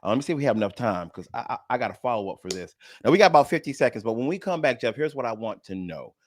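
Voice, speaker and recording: A man's voice: mid-range voice, very animated, very fast, slight background noise. A man co-hosting a comedy talk radio show, chatting casually, laughing often and calling people bro. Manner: laughs loudly, says bro a lot.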